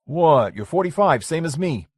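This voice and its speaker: A man's voice: on the high side, sing-song, moderate pace, slightly rough, dry recording, studio quality, pitched above the performer's own voice. A man reading the lines of a blunt, skeptical businessman in his forties who swears freely. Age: 40s. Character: blunt, skeptical middle-aged businessman friend.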